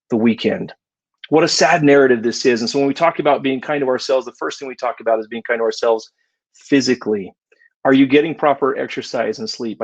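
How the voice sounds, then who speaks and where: A man's voice: medium pitch, low-quality recording. A middle-aged man delivers a motivational speech in an earnest, heartfelt storytelling manner. His voice sits in a middle range for a man. He leans into personal anecdotes with feeling. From United States. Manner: earnest, warm storytelling with emotional emphasis. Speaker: keynote speaker.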